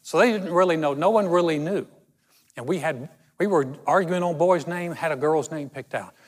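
A man delivers a sermon as a pastor, his voice sitting slightly high for a man. He talks through his story conversationally, slowing deliberately on key words. The recording has a long reverb from the church space. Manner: storytelling, conversational with dramatic slow emphasis.

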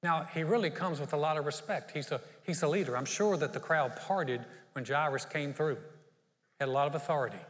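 A man's voice: on the high side, a little fast, a bit bright, long reverb tail. A man preaching a sermon as pastor, telling a Bible story and acting out its people. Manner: storytelling, acts out the Bible characters.

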